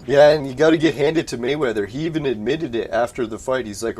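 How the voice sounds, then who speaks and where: A man's voice: medium pitch, fast, darkish tone, breathy edge. Guy streaming a game at home, laid-back, cussing and laughing, desk mic. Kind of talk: casual live-stream chat. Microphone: desk mic through a soundboard.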